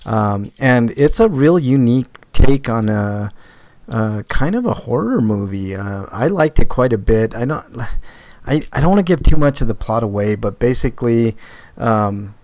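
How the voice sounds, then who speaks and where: Casual podcast host, man, mid-pitched, dry close mic, rambling delivery full of ums. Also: normal speed, no echo. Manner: rambling, filler-heavy, animated when retelling stories. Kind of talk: casual podcast chat, movie reviews.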